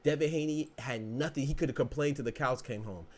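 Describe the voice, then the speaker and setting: A man's voice: medium pitch, fairly quick, a little mellow. A man hosting a podcast, ranting in a heated, profane way and saying "bro" again and again. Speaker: podcast host. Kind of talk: casual ranting podcast talk.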